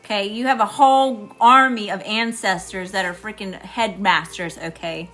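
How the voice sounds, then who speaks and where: Bright-voiced Southern woman reading tarot. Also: medium pitch, steady tone, moderate pace, soft background music. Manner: emphatic, talks straight to viewers. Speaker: tarot reader.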